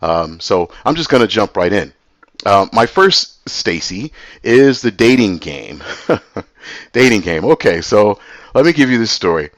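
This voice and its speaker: Male storyteller, middle-aged, casual and animated, close dry read. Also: fairly low pitch, a little slow, dry recording. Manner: animated, voices other people in quotes.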